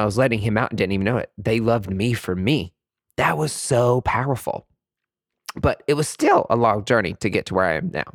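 Brief: flamboyant man, low voice with wild pitch swings, dry close mic, personal storytelling. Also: no room sound. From East Tennessee, USA. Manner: animated, flamboyant, jumps into high falsetto for quotes.

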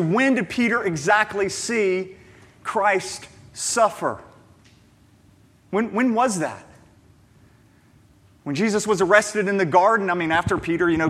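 A man's voice: sits high, fairly bright tone, breathy edge. A man, a pastor, preaching a sermon in an emphatic, conversational way, often repeating words and asking rhetorical questions. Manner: conversational storytelling asides.

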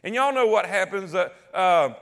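A man leads a Bible study, reading scripture and then breaking into emphatic, conversational explanation. His voice sits high and sounds bright, and his talk is full of restarts. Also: animated, normal speed.

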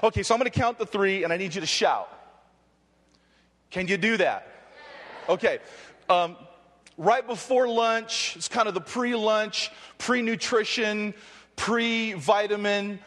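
High-voiced preacher in a reverberant hall. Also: male voice, fairly bright tone. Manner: fervent, joking, crowd-rousing. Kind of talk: energetic sermon with prayer. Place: large hall with live audience.

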